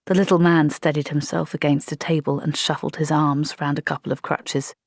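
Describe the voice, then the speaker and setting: A woman reading a comic fantasy audiobook in a steady, measured way. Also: deep voice, no echo, studio quality. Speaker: audiobook narrator. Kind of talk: scripted narration.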